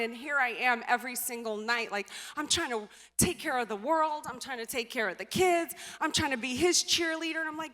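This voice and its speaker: A woman giving a motivational speech as personal storytelling, animated, acting out dialogue and trailing off with filler sounds. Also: sits high, normal speed, few pauses. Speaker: motivational speaker. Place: stage in a large venue. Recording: reverberant hall.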